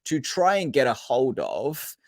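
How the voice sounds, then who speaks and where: A man hosting a podcast interview, asking questions and building scenarios in an animated, emphatic way. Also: medium pitch, a little slow, gravelly, dry recording, studio quality. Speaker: podcast host.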